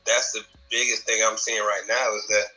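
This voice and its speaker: Earnest man with a sharp, bright voice. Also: lowish voice, level tone, rough recording. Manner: earnest, halting, repeats words. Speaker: host. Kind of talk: casual discussion.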